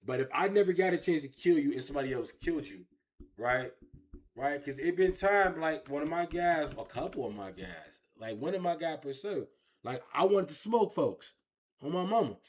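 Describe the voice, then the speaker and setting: A man telling his own story in an interview, animated and repetitive, with heavy street slang. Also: a little high, normal speed. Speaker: interview guest.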